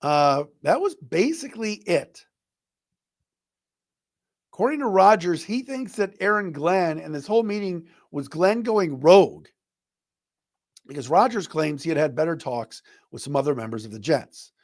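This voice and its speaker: A man's voice: a little high, animated, normal speed, no room sound, clean studio sound. A middle-aged man hosting a sports talk podcast, giving opinionated, conversational commentary and acting out quotes as he goes. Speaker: podcast host.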